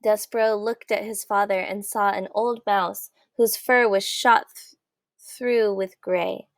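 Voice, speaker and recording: A woman reading a children's novel aloud in a gentle, measured storytelling voice. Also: mid-range voice, steady tone, no room sound, clean studio sound. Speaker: audiobook reader. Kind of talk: storybook narration.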